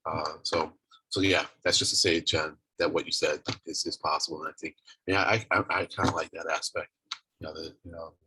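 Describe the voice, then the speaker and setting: A man chairing a virtual meeting on a video call, talking in a halting way with many restarts and fillers. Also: a bass voice, flat delivery, sharp tone, breathy edge, no room sound, rough recording. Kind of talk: casual virtual meeting talk. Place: home office on a video call.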